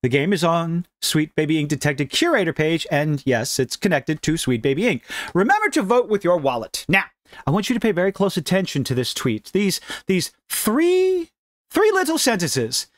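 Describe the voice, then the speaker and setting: A man's voice: on the high side, moderate pace, dry recording, studio quality. A middle-aged man hosting a ranting, sarcastic gaming commentary vlog, mocking as he talks. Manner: sarcastic, mocking, animated delivery.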